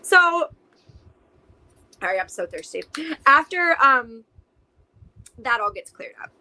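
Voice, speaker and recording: Bright-voiced woman telling a story. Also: high-pitched, very animated, takes it slowly, rough recording. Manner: talks emotionally with many "like"s. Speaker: podcast guest. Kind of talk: casual storytelling.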